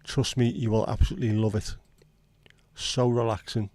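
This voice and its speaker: A man's voice: fairly low pitch, level tone, normal speed, darkish tone, no room sound. Easygoing man hosting a livestream. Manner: easygoing, jokey, responds to chat messages. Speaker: livestream host. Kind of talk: casual livestream chat.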